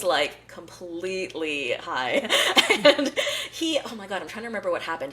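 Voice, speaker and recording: A woman with a lowish voice hosts a casual pop-culture podcast. Her pitch swings widely as she chats, with lots of "like" fillers. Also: fairly bright tone. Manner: chatty, many fillers like "like". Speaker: podcast host.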